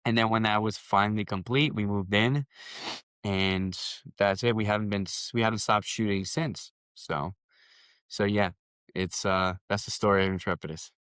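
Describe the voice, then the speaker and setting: Low-voiced man telling stories. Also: fairly even intonation, normal speed, fairly bright tone, clean tone, no echo. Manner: rambling anecdotes with restarts and quoted dialogue. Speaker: podcast guest, solar company founder. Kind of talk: casual storytelling interview.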